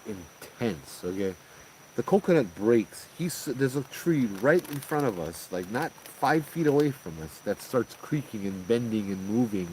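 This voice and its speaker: A man with a Hawaiian Pidgin-tinged accent tells a ghost story in a loose, animated, slangy way, full of "I'm like" asides. His voice sits on the lower side. A faint hiss of noise runs underneath. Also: low-quality recording. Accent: Hawaiian Pidgin-tinged English. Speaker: host telling ghost stories. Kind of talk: casual spoken storytelling.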